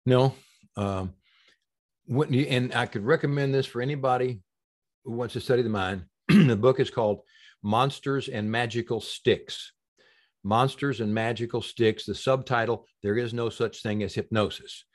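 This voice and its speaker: Male podcast guest, healing practitioner, emphatic storyteller, swings loud to soft, mid-pitched. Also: moderate pace. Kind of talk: casual interview talk.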